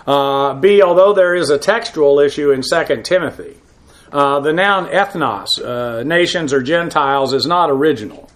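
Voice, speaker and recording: A man who is a pastor, teaching a verse-by-verse Bible lesson in a halting way, full of uh fillers, with frank, blunt asides. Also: fairly high pitch.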